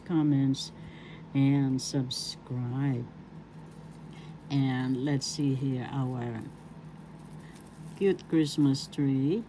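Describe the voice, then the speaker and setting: A woman's voice: sits low, mellow. An older woman with a Filipino accent teaching a language lesson, spelling words out by syllable and repeating each one several times. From Philippines. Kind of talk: slow spoken lesson with syllable drills. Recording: faint background noise.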